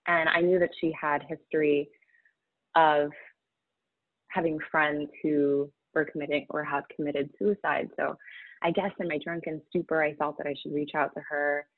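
A woman speaking candidly in an interview, halting and emotional, close to tears at times. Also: low voice, little pitch movement, no room sound. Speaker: guest sharing a personal story. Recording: tinny phone-like audio.

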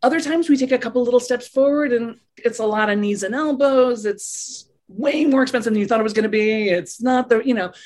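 A woman guest in a conversational interview, talking with animated swings and acting out the voices in her head. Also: a little fast, hardly any pauses. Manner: animated, acts out inner voices with big pitch swings.

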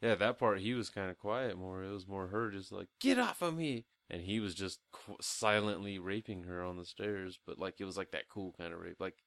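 A man's voice: low voice, steady tone, fairly quick, hardly any pauses, a bit bright, no echo. A young man co-hosting a casual movie review podcast, talking crudely and profanely and laughing often. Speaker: podcast co-host.

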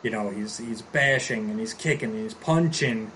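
A man's voice: on the low side, normal speed, fairly bright tone, slight background noise, poor audio. A man casually recapping a story on a podcast, rambling and restarting as he goes. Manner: rambling, many fillers and restarts.

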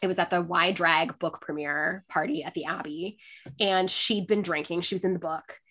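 A young woman telling a story in casual chat, animated, full of "like", often laughing and acting out what people said. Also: fairly low pitch, normal speed. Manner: animated, acts out quotes, laughs often, says "like" a lot.

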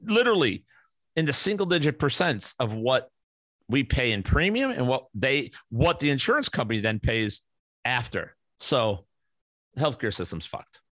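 A man's voice: mid-range voice, big pitch swings, moderate pace, a bit bright, no echo. A man in his forties hosting a podcast, ranting animatedly in casual chat with plenty of swearing. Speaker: podcast host.

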